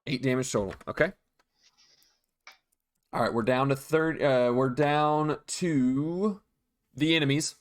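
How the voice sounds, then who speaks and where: A man narrating as dungeon master, relaxed, with frequent ums and restarts. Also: medium pitch, slow, pauses often. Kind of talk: narrating a tabletop game.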